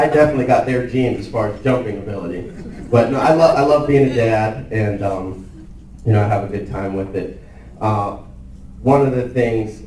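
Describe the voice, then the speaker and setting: A man's voice: fairly low pitch, darkish tone, slight background noise. A young man telling a comedy story at an office party, chatty and rambling with lots of fillers. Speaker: employee doing a stand-up skit. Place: office holiday party, indoors. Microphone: far camera. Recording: echoey party room, far from the mic, faint ambience.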